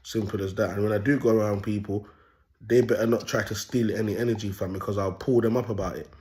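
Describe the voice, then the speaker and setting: A man's voice: lowish voice, quick pace. A young man telling a story in a casual monologue, full of street slang and constant check-ins with his listeners. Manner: streetwise slang, animated, often asks "you get me". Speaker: self-styled prophet vlogger.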